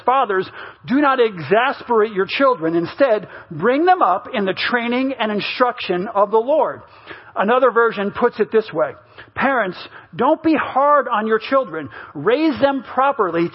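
A male pastor with a very high, husky voice delivers a humorous sermon, bouncing into quick impressions of his family. He is middle-aged and talks like a storyteller. The recording sounds muffled and slightly lo-fi. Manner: animated, mimics family members in stories.

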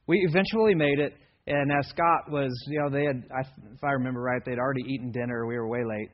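A man's voice: mid-range voice, steady tone, quick pace. A man giving a conversational sermon as guest preacher, telling stories in a dry, self-deprecating way. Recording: dull lo-fi sermon recording.

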